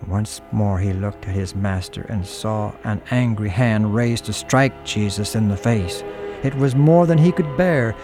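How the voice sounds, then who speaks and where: A man's voice: fairly low pitch, measured pace. A man narrating a radio drama in an earnest, dramatic storytelling manner. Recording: music underneath.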